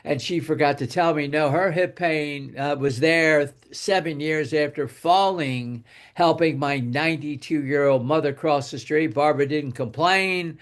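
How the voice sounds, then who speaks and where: An older man with a slightly high voice tells a long personal story in a loose, rambling way. He repeats himself often and goes quieter when he quotes what was said. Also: unhurried. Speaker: guest speaker telling a testimonial. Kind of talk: casual storytelling.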